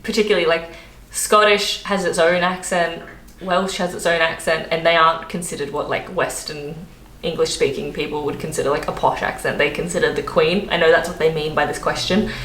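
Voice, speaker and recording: A woman's voice: deep voice, steady tone, brisk, fairly bright tone. A young Australian woman vlogging in a casual, chatty way, laughing often and using lots of fillers. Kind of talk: casual chat to camera. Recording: echoey room, faint background noise.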